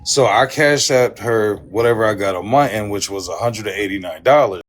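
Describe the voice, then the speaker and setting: A man's voice: lowish voice, normal speed. Angry profane man ranting on a livestream. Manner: heated, profane, repetitive. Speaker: livestream host.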